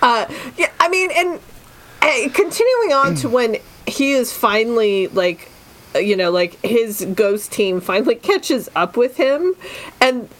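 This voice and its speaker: A woman's voice: a little high, sing-song, a little slow, a bit bright. A woman co-hosting a podcast in a casual book discussion, rambling and sardonic, swearing freely. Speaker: podcast co-host.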